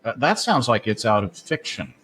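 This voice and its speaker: A man's voice: mid-range voice, very animated, normal speed, a bit bright, a little hiss or hum. A man hosting a sports podcast in casual chat, chatty and full of "uh" fillers. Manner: chatty, many "uh" fillers, laughs at his own asides. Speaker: podcast host.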